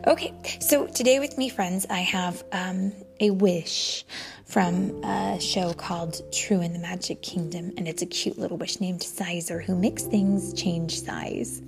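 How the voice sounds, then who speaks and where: A woman, a mother hosting storytime, reading a picture book aloud to children, gently and often in a whisper. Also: lowish voice, unhurried, creaky. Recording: soft background music.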